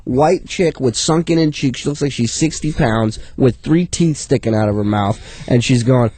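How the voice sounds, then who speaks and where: A man's voice: medium pitch, normal speed, warm tone, breathy edge, no room sound. A man co-hosting a radio show, ranting crudely and indignantly in casual banter. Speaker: radio co-host.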